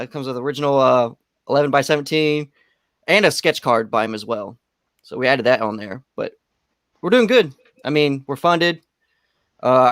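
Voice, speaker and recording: Relaxed man on a dry mic. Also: on the high side, clear, resonant tone, no room sound. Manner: relaxed, on a delay. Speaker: comic creator guest. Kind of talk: casual livestream chat.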